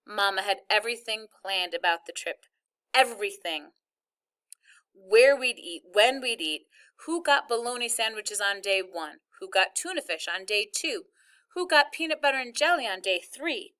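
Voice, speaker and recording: Bright-voiced woman reading a novel aloud. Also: mid-range voice, normal speed, clear, resonant tone. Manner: wry, lively storytelling. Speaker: audiobook reader. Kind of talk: reading a novel aloud as first-person narrator.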